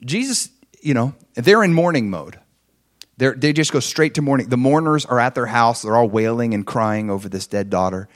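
Speaking at a normal speed with lively intonation, a pastor delivers a conversational sermon full of stories and questions for the congregation. He acts out the people he quotes, varying his pitch and loudness widely.

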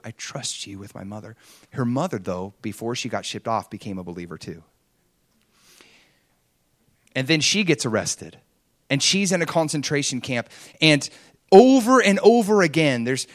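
A man's voice: medium pitch, no room sound, clean studio sound. A man preaching an earnest, conversational sermon, retelling a story and acting out the quotes.

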